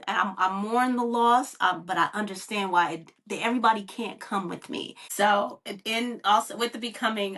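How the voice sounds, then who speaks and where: A woman's voice: medium pitch, a bit bright, far from the mic. Woman guest sharing candid testimony. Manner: candid, halting, many restarts, acts out her own self-talk. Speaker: podcast guest. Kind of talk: casual testimony.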